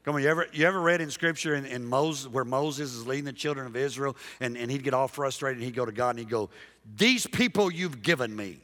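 A man preaching a sermon as pastor, emphatic and dynamic, dropping soft and then rising loud while he calls out to the congregation. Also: medium pitch, steady tone, fast talker, hardly any pauses. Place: large church sanctuary. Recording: long hall reverb from a big church.

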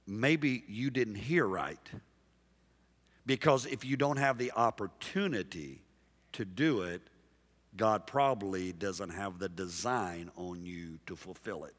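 A man preaching a sermon as pastor, emphatic and dynamic, dropping soft and then rising loud while he calls out to the congregation. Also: lowish voice, a little slow. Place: large church sanctuary. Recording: long hall reverb from a big church.

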